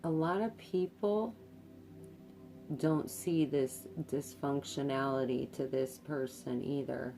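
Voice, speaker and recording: Speaking to camera, a tarot card reader gives an intuitive reading in a very deep, dark-toned voice. She goes slowly with fairly even intonation, hesitating often, using lots of fillers and repeating words, while faint music plays behind her.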